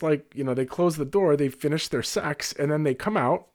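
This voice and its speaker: A man, a bartender, casually telling a rambling personal anecdote with lively, digressive delivery and laughs slipping in. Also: fairly high pitch, normal speed.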